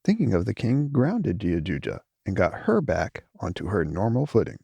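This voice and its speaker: Male audiobook narrator; gravelly, lively delivery, dry close sound. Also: lowish voice, normal speed, dry recording. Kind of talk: scripted narration.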